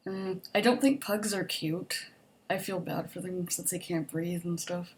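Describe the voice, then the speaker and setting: Young adult woman, casual vlogger answering a survey, a bit lower-pitched, optimistic, loose and chatty with filler words. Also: steady tone, measured pace, slight background noise. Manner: chatty, upbeat, optimistic, frequent "like" and "um". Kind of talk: casual survey vlog, reading questions and answering.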